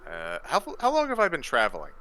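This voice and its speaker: Man, tabletop player, sharp bright tone, animated, curious. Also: medium pitch, fairly quick, poor audio. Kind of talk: casual tabletop play.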